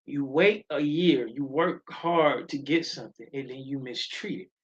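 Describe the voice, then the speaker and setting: A middle-aged man hosts a live show in casual talk. He tells stories in an animated, emphatic way and drifts into preaching. The audio is a little dull and lo-fi. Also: medium pitch, measured pace. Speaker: show host.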